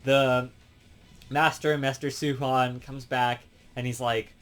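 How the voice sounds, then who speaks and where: A man's voice: mid-range voice, level tone, takes it slowly, fairly bright tone, smooth, faint music behind. A man giving a casual, rambling review and plot recap, with lots of fillers and restarts. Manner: rambling, full of fillers and self-corrections. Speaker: show reviewer.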